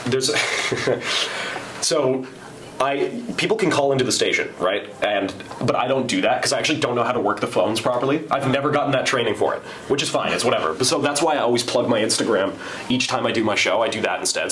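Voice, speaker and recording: A man's voice: medium pitch, fairly bright tone. Chatty young man in a roomy station. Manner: loose, chatty storyteller, heavy on "like". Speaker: campus radio show host. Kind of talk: casual anecdote telling. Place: radio station. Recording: roomy room with faint noise.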